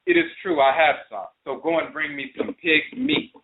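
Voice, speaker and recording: A man voicing a patient, crafty male hare who calmly insists, heard over a phone line. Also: fairly high pitch, normal speed, slight background noise, close to an everyday voice. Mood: insistent. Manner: calm, insistent. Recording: phone-line internet radio.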